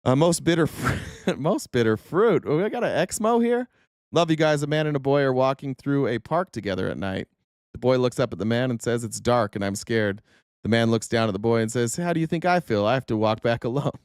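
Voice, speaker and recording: A man's voice: mid-range voice, brisk, dry recording, studio quality. A man in his thirties from the United States, hosting a live-stream and ranting angrily with profanity. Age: 30s. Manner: angry, profane, repetitive. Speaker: show host. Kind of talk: live-stream political rant.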